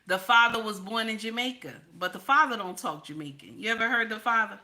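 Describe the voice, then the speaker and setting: A woman from the New talks straight to her viewers, with a bright, forceful tone. She is blunt and emphatic, and she hammers her points home by saying them again and again. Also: a little high, a little fast, slight background noise, rough recording. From New York / New Jersey area. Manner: blunt, emphatic, repeats lines for stress. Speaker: online commentator. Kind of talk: casual political commentary vlog.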